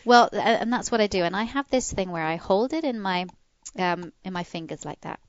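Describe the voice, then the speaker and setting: A woman co-hosting a podcast, chatting casually and explaining how to train a dog, acting out soft commands as she goes. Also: a little fast, smooth, lo-fi sound. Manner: animated, demonstrates commands in a soft low voice.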